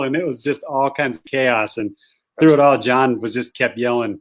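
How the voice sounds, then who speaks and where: A man guest, a hunting guide, telling a rambling, animated anecdote in casual conversation. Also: a little high, fast talker. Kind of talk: casual storytelling.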